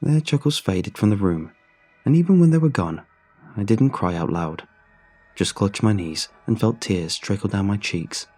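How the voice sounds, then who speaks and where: A man reading a horror story in measured, somber scripted narration. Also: lowish voice, animated, a little mellow, slightly rough. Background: faint music.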